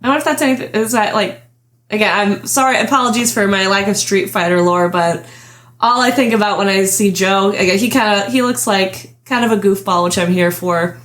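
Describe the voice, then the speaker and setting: A woman's voice: medium pitch, brisk, fairly bright tone. A young adult woman hosting a casual podcast chat, chatty and giggling often as she trails off and restarts her thoughts. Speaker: podcast host.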